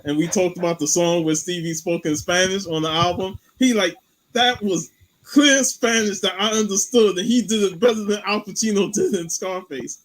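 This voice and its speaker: Man, slightly high voice, relaxed co-host, stumbles into sentences. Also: normal speed, low-quality recording. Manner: repeats words when starting sentences. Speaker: co-host of a review show. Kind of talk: casual chat.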